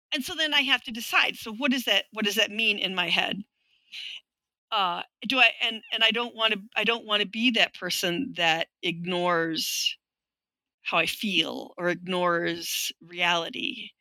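A middle-aged woman talks as a guest in an interview, her voice bright and sharp. She tells her stories frankly and with dry wit. The sound is close and dry, with no room around it. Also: medium pitch, no echo, poor audio. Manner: frank, wry storytelling that acts out quoted voices. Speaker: guest, linguistics professor. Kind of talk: conversational interview.

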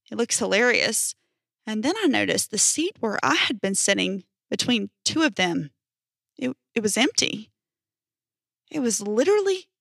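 Female storyteller, bright tone, dry booth sound, casual delivery. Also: medium pitch, vocal fry, no room sound. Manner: casual storytelling with emphatic swearing. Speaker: narrator reading posts. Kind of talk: reading stories aloud.

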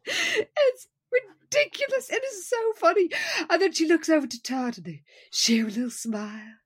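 A woman co-host with a high voice recaps an episode in casual chat. She tells the scenes with giggly, animated energy. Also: moderate pace, no echo, studio quality. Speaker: podcast co-host.

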